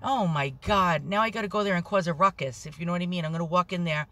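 A woman vlogging on her phone from inside a parked car, rambling anxiously, swearing a lot and talking loudly when nervous. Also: fairly low pitch, fast talker. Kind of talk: nervous selfie vlog.

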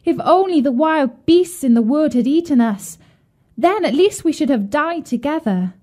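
A woman voicing a frightened little girl in a fairy tale, speaking in a high, pleading voice. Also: lively intonation, moderate pace, dark tone. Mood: pleading, tearful. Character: frightened little girl, tearful then brave.

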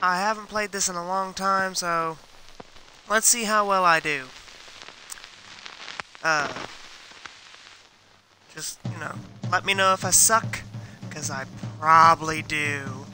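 A man's voice: sits high, slow, pauses often, low-quality recording. A man hosting a gaming video, chatting casually and poking fun at his own play over game music. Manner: self-deprecating, relaxed. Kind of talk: casual gameplay commentary.

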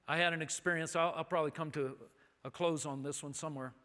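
A man's voice: on the high side, fairly even intonation, fast talker, sharp tone. A man preaching as a guest speaker, telling a story in a chatty, anecdotal way full of asides. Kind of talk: storytelling sermon. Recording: long hall reverb.

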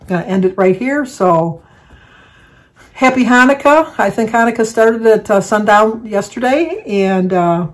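An older woman telling a family story in a loose, chatty way, stopping and restarting mid-sentence. Her voice sits at an ordinary middle pitch, and she talks like she is sharing memories with friends. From Michigan, United States. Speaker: vlogger. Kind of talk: casual storytelling.

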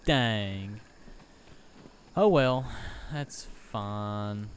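A man's voice: medium pitch, animated, takes it slowly, pauses often, a little hiss or hum. A young man giving let's play commentary, easily startled and talking to himself as he plays. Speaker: gaming YouTuber.

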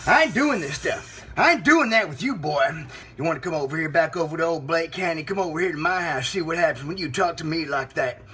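A man's voice: fairly high pitch, quick pace, hardly any pauses, fairly bright tone, husky. A man playing a whiny, swearing country dishwasher. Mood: threatening. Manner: whiny then threatening, swears a lot. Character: touchy country man who washes mailed dishes. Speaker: host. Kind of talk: comedy sketch video.

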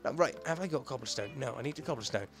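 A young man talking to himself as he plays a video game, rambling and excitable, thinking aloud as he goes. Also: medium pitch, quick pace, faint music behind. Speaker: gaming YouTuber. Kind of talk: let's play commentary.

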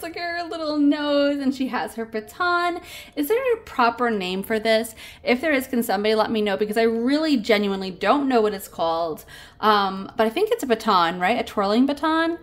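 A woman's voice: a little high, expressive, moderate pace. A woman hosting a casual toy unboxing, gushing and giggling over each cute figure.

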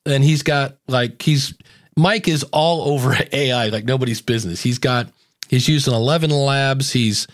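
A man's voice: mid-range voice, normal speed, dry recording. Chatty male podcast host, dry sound. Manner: lively storyteller who acts out quoted remarks. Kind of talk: casual live podcast chat.

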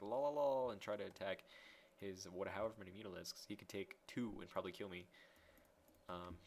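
A young man casually commentating his own game replay, excitable and self-mocking, swearing as he goes. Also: sits low, a little hiss or hum. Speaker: gameplay commentator.

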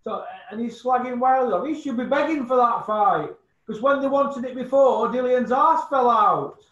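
A man's voice: very high-pitched, moderate pace, a bit bright, echoey room, highs cut off. A man giving blunt, scornful opinions on boxing in casual chat, swearing and repeating insults. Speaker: boxing pundit guest.

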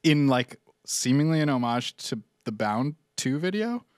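A man's voice: mid-range voice, sing-song, a little slow, dry recording, studio quality. A man co-hosting a culture podcast, talking casually with frequent laughs and fillers. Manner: laughs often while describing, many fillers. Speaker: podcast co-host. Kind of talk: casual chat.

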